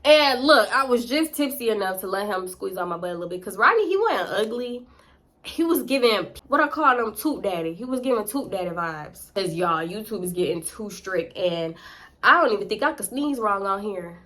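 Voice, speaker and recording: A woman's voice: medium pitch, lively intonation, moderate pace, a bit bright. A young woman, telling a storytime close to the camera in a profane, slangy, dramatic way. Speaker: vlogger. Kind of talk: casual storytime.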